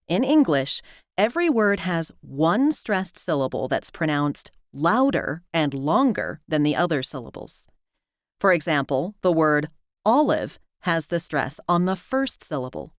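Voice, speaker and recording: American woman, pronunciation teacher, slow careful delivery, lively lilting pitch, dry close sound. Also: no echo. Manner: clear, careful enunciation of example words. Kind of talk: scripted instructional narration.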